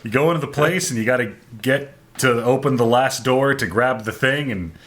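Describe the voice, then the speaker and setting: A man's voice: medium pitch, moderate pace, fairly bright tone. A man co-hosting a gaming podcast, telling stories in a wry, rambling, casual way. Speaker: podcast co-host. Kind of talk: casual chat.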